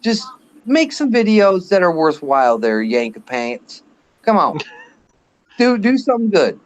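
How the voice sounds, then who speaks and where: A man's voice: high-pitched, very animated, a little slow, dull audio. A man in his late thirties ranting bluntly and swearing in a casual live chat. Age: late 30s. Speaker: guest on a live show.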